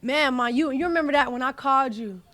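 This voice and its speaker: A woman's voice: sits high, fast talker, a bit bright, dry recording. A young woman, hosting a casual chat, talking animatedly in slang and repeating herself. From US South (Atlanta). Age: young adult. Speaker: host, college athlete.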